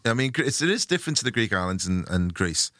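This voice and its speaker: A man chatting casually on a podcast, telling relaxed stories that trail off softly. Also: mid-range voice, quick pace, dry recording, studio quality. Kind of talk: casual chat.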